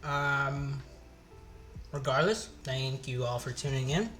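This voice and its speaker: A man casually chatting on his cooking live stream, thinking aloud with halting pauses as he tastes the food. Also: mid-range voice, fairly bright tone, faint music behind.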